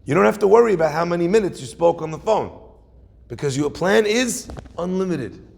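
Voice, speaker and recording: A man's voice: sits high, lively intonation, fairly quick, creaky, a little mellow, long reverb tail. A middle-aged male rabbi giving a sermon to a room, telling stories and asking the listeners rhetorical questions. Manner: storytelling with Yiddish-flavored phrasing and rhetorical questions. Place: room with an audience.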